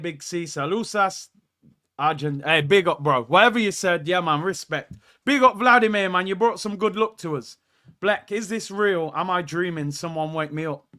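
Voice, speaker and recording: A man hosting a live football watchalong, reacting excitedly to the play and reading out chat messages. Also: high-pitched. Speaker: watchalong host. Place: indoor room.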